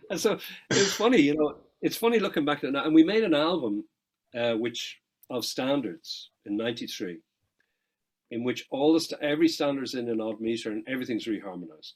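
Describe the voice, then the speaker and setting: A middle-aged Irish man, a guest musician in an interview, telling lively anecdotes with quick asides and casual swearing. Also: mid-range voice, low-quality recording.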